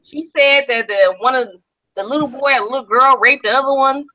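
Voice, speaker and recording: A woman with a high, bright, sharp voice talks bluntly and sounds indignant. The recording is dull and lo-fi. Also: fairly quick, a little hiss or hum. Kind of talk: casual chat.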